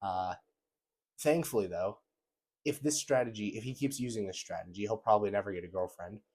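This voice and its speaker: A young man with a fairly low voice talks through screenshots in a casual reaction video. He is sarcastic and animated, and he breaks into mocking, exaggerated voices when he quotes the messages. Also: a little fast. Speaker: commentary video host.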